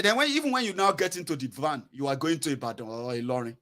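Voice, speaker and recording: A man's voice: fairly high pitch, fast, few pauses. A man with a Nigerian accent giving casual political commentary, acting out prayers and slipping into Pidgin. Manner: animated, acts out mocking prayers in Nigerian Pidgin.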